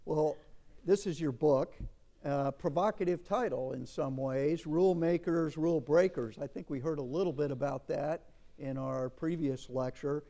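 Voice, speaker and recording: A man moderating an interview on a conference stage, asking questions in a measured, formal way. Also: fairly high pitch, dark tone. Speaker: interview moderator, center director.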